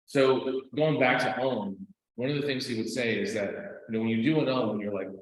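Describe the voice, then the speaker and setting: A man teaching a class, telling stories in a loose, chatty way with lots of fillers and quick "right?" asides. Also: medium pitch, fairly even intonation, slight background noise. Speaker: meditation and scripture teacher. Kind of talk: casual class talk with storytelling. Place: teaching room. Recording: very echoey room.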